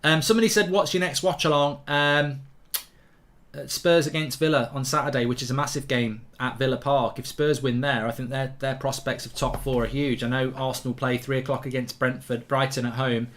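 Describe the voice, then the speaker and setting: A man hosting a live football watchalong, reading viewer comments aloud and answering them with quick, opinionated asides. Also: medium pitch, fairly even intonation, a bit bright. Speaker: host.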